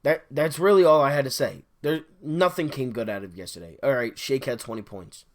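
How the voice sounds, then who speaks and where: A man's voice: medium pitch, fairly quick. A man hosting a sports podcast, delivering an exasperated solo fan rant, repeating his complaints over and over. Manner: exasperated, repetitive ranting.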